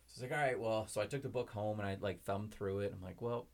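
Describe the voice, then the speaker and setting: Young adult male guest, low-pitched, quick, chatty storyteller. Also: steady tone, darkish tone. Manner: rambling storytelling with many fillers. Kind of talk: casual podcast chat.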